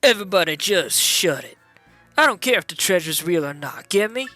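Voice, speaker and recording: Brief: man playing older gangster-accented mob boss, tough and bossy, bright timbre. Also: high voice, expressive, moderate pace, faint music behind. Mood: gruff. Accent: New York gangster. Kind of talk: video game dialogue read-along.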